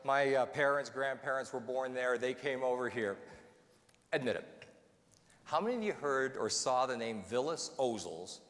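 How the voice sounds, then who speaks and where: Animated male motivational speaker. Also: medium pitch, moderate pace. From North America. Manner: animated, self-mocking storyteller. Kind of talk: humorous storytelling speech. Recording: reverberant hall, faint noise.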